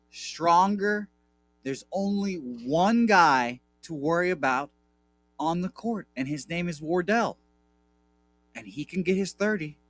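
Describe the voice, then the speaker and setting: A man on a sports betting radio show, talking fast and heated, gloating, swearing and repeating himself. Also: on the high side, a bit bright, no room sound.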